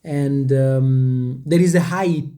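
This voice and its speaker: A man with a mellow, relaxed tone talks casually to the camera for his viewers. English is not his first language, and he rambles, repeats himself and restarts his sentences often. He sometimes stumbles over how to pronounce a word. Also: medium pitch, slow pace. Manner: rambling, hesitant, with many restarts. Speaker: vlogger.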